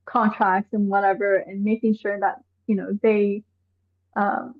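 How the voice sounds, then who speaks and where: A woman from Iran, an activist guest on a live online show, talking in an animated way and firing off exasperated rhetorical questions. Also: mid-range voice, measured pace. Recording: tinny phone-like call audio.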